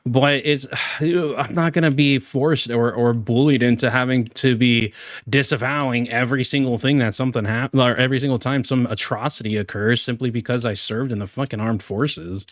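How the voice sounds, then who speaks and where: A man's voice: mid-range voice, fairly even intonation, moderate pace, no echo. A young man and former Marine hosting a heated reaction commentary, sarcastic and exasperated, swearing freely.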